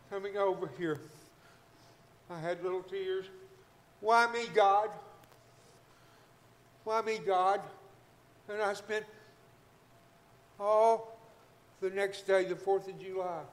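A middle-aged man, a physician, giving a fervent, emotional testimony in church and breaking into shouts of hallelujah. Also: high-pitched, reverberant. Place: church sanctuary.

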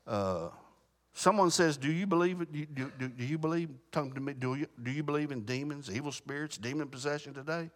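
A male Baptist preacher giving an animated sermon to his congregation. He restarts his words often and keeps asking the room whether they follow him. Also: on the high side, brisk, in a large hall.

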